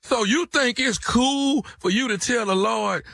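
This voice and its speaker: Radio prank guy, loud and pushy, high bright voice, dry close mic. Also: measured pace, vocal fry, no room sound. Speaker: radio show prank caller. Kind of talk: prank phone call and radio banter.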